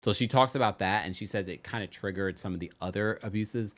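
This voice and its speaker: A man hosting a casual chat show, recapping reality TV with animated talk, big pitch jumps and frequent laughter. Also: fairly quick. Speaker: podcast host.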